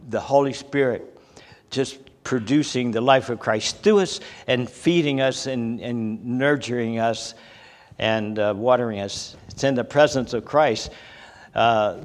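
A man's voice: mid-range voice, slow pace. Older male preacher, folksy storyteller, chuckles between anecdotes, hall reverb. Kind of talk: folksy sermon with personal stories.

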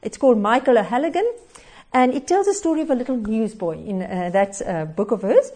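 A woman's voice: fairly high pitch, lively intonation, fairly quick, dark tone. A woman preaching a devotional sermon, telling a story expressively with little chuckles and hesitations.

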